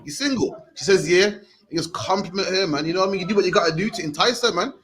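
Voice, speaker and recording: A man's voice: sits high, rapid-fire, fairly bright tone. A British man in his thirties preaching in the street, emphatic, tagging "man" onto his sentences. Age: 30s. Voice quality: emphatic, repeats "man" at line ends.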